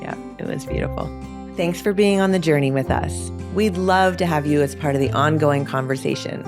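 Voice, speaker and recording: Low-voiced woman co-host, with music behind. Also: normal speed. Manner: soft affirming murmurs. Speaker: podcast co-host. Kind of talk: supportive listening, outro.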